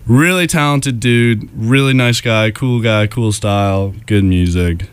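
A man's voice: lowish voice, measured pace, clean tone. A young man co-hosting a casual radio show, playful and jokey, tossing in little sound effects.

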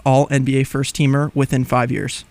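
A young man co-hosts a college radio chat in a middle-pitched voice. He jokes around and makes playful claims. He laughs often between lines. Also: level tone, moderate pace, background noise. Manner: joking, laughs, playful hot takes. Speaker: radio co-host.

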